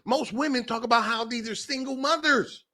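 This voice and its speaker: A man's voice: extremely high pitch, moderate pace, pushed and bright. A man hosting a talk show, delivering an impassioned monologue and repeating phrases for emphasis. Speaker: podcast host.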